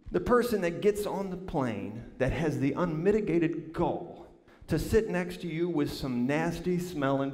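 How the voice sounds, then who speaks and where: A man preaching a sermon, telling a funny story with lively emphasis and calling the congregation y'all. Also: fairly high pitch. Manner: animated, drawling, addresses congregation as y'all. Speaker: pastor. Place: large church sanctuary. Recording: long hall reverb.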